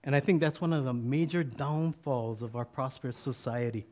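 A man's voice: medium pitch, normal speed, darkish tone. A man giving a sermon as pastor, telling a story with asides and restarts.

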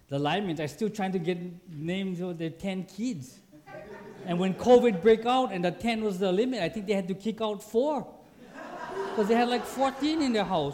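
Guy pastor preaching, pretty high voice, animated, acts out little bits. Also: moderate pace. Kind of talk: sermon.

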